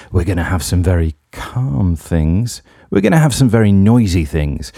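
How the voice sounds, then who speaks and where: A very deep-voiced man hosts a music radio show, talking between tracks. His tone is mellow and dark, and he rambles in a wry, self-deprecating way. The sound is dry and close, with no room around it. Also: no echo. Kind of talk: casual radio DJ links.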